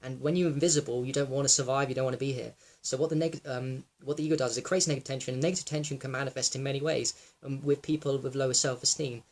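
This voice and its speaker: Man musing on fears, halting and emotional. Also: mid-range voice, steady tone. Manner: reflective, halting, with many fillers and restarts; emotional, close to tears at times. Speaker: wellness vlogger. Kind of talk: raw personal monologue.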